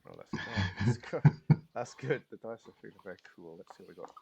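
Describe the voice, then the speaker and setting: A man's voice: fairly low pitch, a little fast, vocal fry, a little hiss or hum. A man playing a character in a tabletop role-playing game, talking in a friendly, hesitant way with plenty of "um" and "uh". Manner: hesitant, friendly, light laughs. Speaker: player. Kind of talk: casual tabletop play, partly in character.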